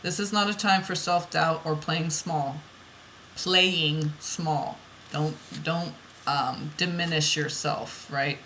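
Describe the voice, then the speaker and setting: A woman's voice: deep voice, fairly even intonation, unhurried, hardly any pauses, a bit bright, a little hiss or hum, poor audio. A woman reading oracle card messages aloud, then musing about them in loose, rambling asides that repeat phrases.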